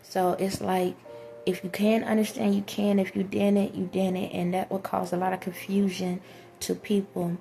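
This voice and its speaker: Woman, flat delivery, rambling earnest vlog monologue, faint background noise. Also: mid-range voice, moderate pace, creaky. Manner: earnest, rambling, addresses viewers directly. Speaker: vlogger. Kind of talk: spiritual monologue to viewers.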